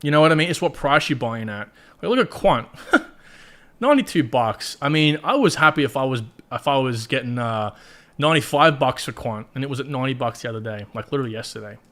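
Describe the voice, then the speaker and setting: A man's voice: medium pitch, expressive, quick pace, pushed and bright. Blunt Australian man hosting a livestream. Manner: chatty, blunt and profane, talks straight to viewers. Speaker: crypto livestream host. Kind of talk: casual livestream commentary.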